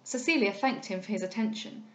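A woman reading a classic novel aloud in a measured storytelling manner. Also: mid-range voice, a bit bright. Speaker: audiobook reader. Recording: roomy echo.

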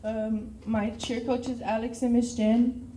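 A woman's voice: on the high side, little pitch movement, takes it slowly, mellow, slight background noise. A teenage girl with a Texan accent, a cheer captain giving a nervous, tearful thank-you speech. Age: teens. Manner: nervous, tearful, laughing between words. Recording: echoey room.

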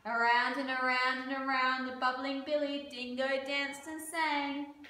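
A woman reading a picture book aloud to preschoolers, slowly and playfully. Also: sits high. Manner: slow, expressive, playful. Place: preschool room. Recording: echoey room from far off.

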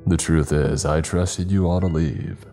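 A grave priest in a horror storybook, solemn and full of regret, as a deep-voiced male narrator puts him on. He speaks low and dark, slow and sorrowful. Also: fairly even intonation, gravelly, soft background music, full character voice. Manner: solemn, apologetic.

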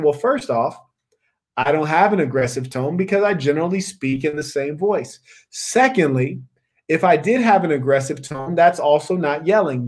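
A man hosting a discussion, talking in an emphatic, preachy way and repeating his key words for weight. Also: fairly high pitch. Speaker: podcast host. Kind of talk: opinionated discussion.

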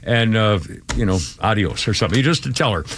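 A man in his seventies hosting a talk radio show, telling a story in a rambling, halting way with many restarts. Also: lowish voice, animated, fairly bright tone, slight background noise. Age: 70s. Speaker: radio host. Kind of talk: casual radio chat.

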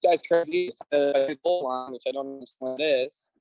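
A defendant in a court hearing, appearing over a video call, tells a long joke in a meandering, filler-heavy way. His voice sits on the high side and is a little mellow at normal speed, in a dry, rough recording.

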